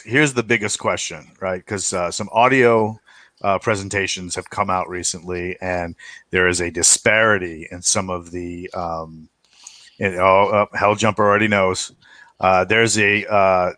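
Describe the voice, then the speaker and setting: A man hosting a podcast in casual group chat, laughing often and filling pauses with many "uh"s and restarts. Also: low voice, steady tone, bright, forceful tone, no room sound. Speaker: podcast host.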